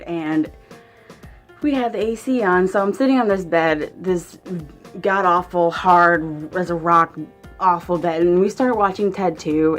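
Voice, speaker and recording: A young woman vlogger telling a casual story. She rambles and swears freely, and fills her sentences with "like". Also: lowish voice.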